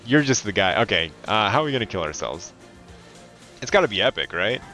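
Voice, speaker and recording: A man from California chatting casually and swearing freely while streaming a game, now and then slipping into loud mocking voices. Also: fairly low pitch, fairly quick, soft background music. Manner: animated, profane, slips into loud mocking voices. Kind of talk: casual gaming commentary.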